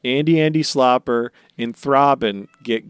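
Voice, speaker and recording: A man's voice: medium pitch, a little slow, clean tone, no echo, clean studio sound. A man hosting a casual comedy podcast, rambling through a recap and slipping into playful quoted voices. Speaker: podcast host.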